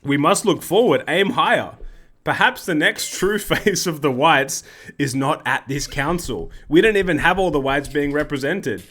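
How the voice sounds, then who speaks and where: A man's voice: a little high, expressive, moderate pace, a bit bright. A man voicing an earnest Scandinavian orator. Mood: impassioned. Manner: articulate, earnest speechmaking. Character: impassioned Scandinavian man at a council.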